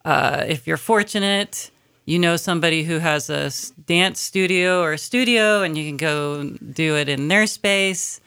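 Woman performer, very low voice with fry, bright and crisp, practical explainer. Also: measured pace. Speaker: fellow performer. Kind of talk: casual radio chat.

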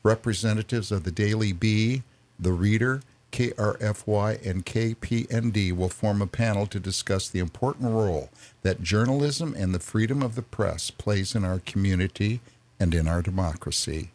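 A male radio host with a lowish voice welcomes his guests with chuckles, then moves into reading a press release in an even, steady way. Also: normal speed.

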